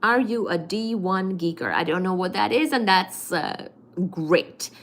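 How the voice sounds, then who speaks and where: A woman hosts a casual livestream, reading viewers' comments one after another and answering each. She is chatty and playful, warm with her regulars, and her voice sits at a middling pitch. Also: expressive, measured pace. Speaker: livestream host. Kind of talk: reading live chat comments.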